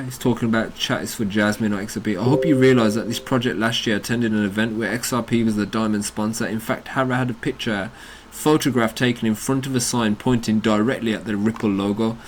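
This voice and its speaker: Over a little hiss or hum, a mid-range male voice from the United Kingdom holds forth on his crypto channel. He's blunt, combative and heavily profane as he rants about a dispute in the chat.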